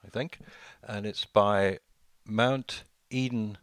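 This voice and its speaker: Gravelly-voiced man rambling in podcast chat. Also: fairly low pitch, fairly even intonation, dry recording, studio quality. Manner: rambling, halting with fillers. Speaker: podcast co-host.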